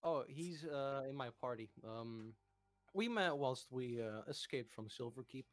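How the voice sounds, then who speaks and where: A man's voice: mid-range voice, expressive, a little slow, no room sound, close to an everyday voice. A man playing a brash young male adventurer in his own voice, blunt and swearing.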